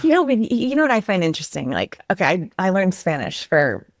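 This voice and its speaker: A woman in her thirties hosting a casual interview, enthusiastic and quick to laugh. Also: lowish voice, wildly swooping pitch, no room sound, clean studio sound. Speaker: podcast host.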